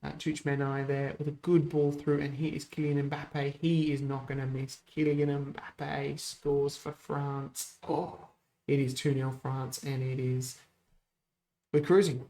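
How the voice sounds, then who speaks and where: A man hosting a gaming channel, chatting casually through a football management game, rambling, correcting himself and getting excited over goals. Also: medium pitch, measured pace. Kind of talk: casual let's-play commentary.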